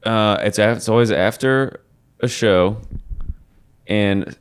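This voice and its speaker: A man who does stand-up chats loosely on a podcast. His voice is smooth and fairly low. He spins wry stories and drops dry asides. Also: slow pace. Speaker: stand-up comedian. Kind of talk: casual podcast chat.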